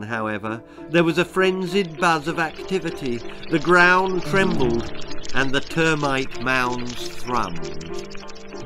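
A man reading his own spooky children's story aloud with unhurried, dramatic delivery. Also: fairly high pitch.

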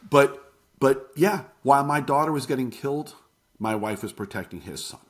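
A middle-aged man telling a painful personal story as an interview guest, halting and emotional. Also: medium pitch, lively intonation.

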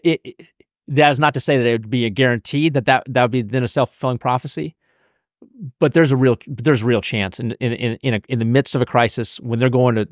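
A man's voice: mid-range voice, dry recording, clean studio sound. An American man as an interview guest, explaining emphatically and often repeating words as he restarts. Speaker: banking analyst guest. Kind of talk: conversational explaining.

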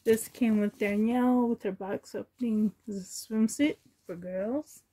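A woman chatting to herself and her viewers while sorting doll clothes, sentimental and softly laughing. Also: a little high, steady tone, moderate pace, breathy edge. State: emotional, choked up. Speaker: reborn doll collector vlogger.

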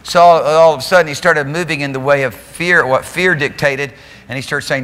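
Animated preacher in a reverberant hall. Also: male voice, a little high, a little fast. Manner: animated preaching, laughing, mimicking voices. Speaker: pastor. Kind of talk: sermon. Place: church sanctuary.

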